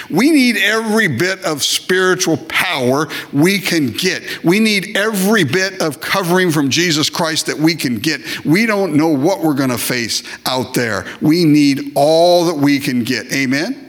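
A pastor with a slightly high, fairly bright voice preaches in an animated, somewhat slow manner. He stresses his points by repeating phrases, occasionally performing little comic voices of worshippers and God.

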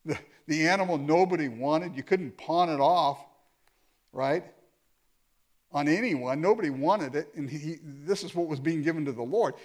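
A man's voice: fairly high pitch, moderate pace, darkish tone. A man preaching a sermon, reading scripture aloud and explaining it with pointed, sarcastic asides.

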